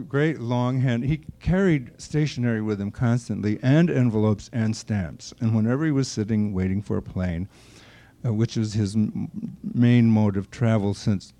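In a reminiscing conversation, an older man with a lowish, dark-toned voice is interviewed about an old friend. He tells anecdotes and acts out the remarks he quotes.

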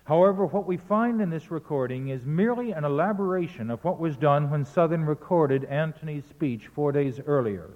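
A man's voice: fairly high pitch, expressive, moderate pace, few pauses, big-room sound, narrow, tinny audio. A man giving a spoken lecture in a precise, pedantic manner, often correcting himself mid-sentence. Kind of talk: spoken lecture on recordings and verse.

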